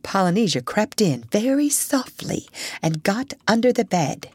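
A woman reading a children's story aloud in an expressive way. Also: medium pitch, a little slow, slightly rough, no room sound.

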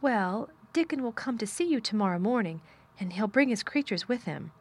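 A woman's voice: on the high side, animated, normal speed, slightly rough, no echo. A woman reading aloud, voicing a blunt, sour-tempered young girl in a storybook, frank and plain-spoken.

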